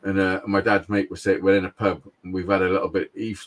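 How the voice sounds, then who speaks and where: In a low voice with a level tone, a fast-talking middle-aged man from Wales shares a sweary, no-nonsense story as a podcast co-host. The chat is casual, and he laughs a lot along the way.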